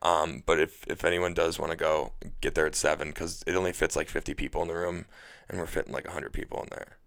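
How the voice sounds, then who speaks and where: A young man from the Cleveland area, a comedian guest talking in an excitable, rambling way in a casual podcast chat. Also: rumbling low, fast talker, gravelly. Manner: excitable, rambling, repeats words.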